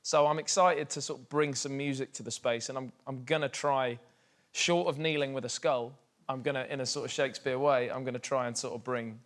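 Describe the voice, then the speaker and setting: A man's voice: medium pitch, steady tone, a little fast, fairly bright tone. A young man from England, a musician guest, talking in a loose, chatty way full of fillers. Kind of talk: casual chat.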